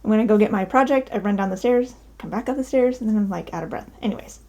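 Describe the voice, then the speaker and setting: Her mid-range voice is quick and warm, captured with lo-fi sound. The woman, breathless and upbeat, chats through a casual show-and-tell of her cross-stitch projects at home in her daughter's bedroom, using plenty of ums.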